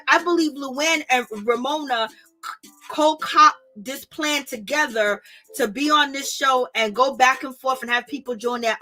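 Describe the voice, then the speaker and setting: A young woman vlogger ranting casually and exasperatedly to her viewers, using lots of slang. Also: high-pitched. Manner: exasperated, animated, slangy, talks to viewers directly. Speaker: vlogger reviewing reality TV.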